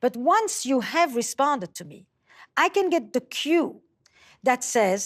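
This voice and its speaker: High-voiced woman explaining communication. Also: big pitch swings. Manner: measured, explanatory, acts out quoted dialogue. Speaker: speaker on communication. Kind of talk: lecture-style talk.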